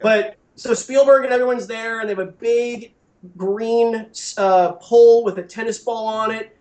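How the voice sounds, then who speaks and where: A man with a high voice tells film-set stories as a podcast guest, acting out what other people said. He is from New Jersey and talks casually. His voice sounds roomy, with echo from the room around him. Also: normal speed. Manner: animated storyteller who acts out quotes. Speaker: guest, creature effects studio owner.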